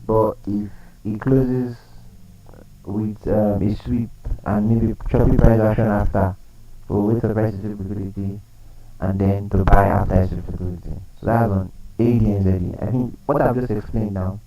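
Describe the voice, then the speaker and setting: A man's voice: on the low side, fairly even intonation, moderate pace, far from the mic, background noise. A man running a live trading lesson, explaining chart setups, repeating key points and quizzing his viewers. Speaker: trading coach.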